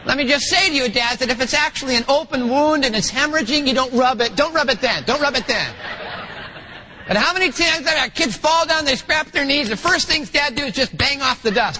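A middle-aged man preaching a sermon, animated and acting out the voices he quotes. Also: very high voice, a little fast, slight background noise, rough recording. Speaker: pastor.

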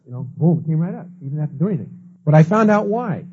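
A man's voice: on the high side, expressive, quick pace, mellow, slight background noise. A man teaching a class, telling stories and acting out the people he quotes. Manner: storytelling, acts out quoted people. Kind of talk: lecture with anecdotes. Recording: dull lo-fi recording.

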